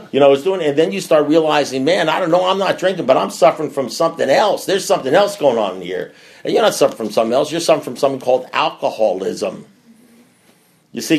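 Blunt, profane middle-aged man speaking. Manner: blunt and profane, swings between loud bursts and low mutters. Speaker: recovery meeting speaker. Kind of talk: candid talk to a recovery group.

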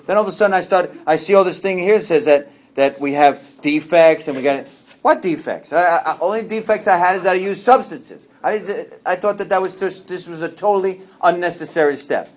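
A man's voice: high voice, fairly quick. A middle-aged man telling his personal story to a recovery group, rambling and self-deprecating, earnest, often restarting his sentences. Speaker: speaker sharing at a recovery meeting.

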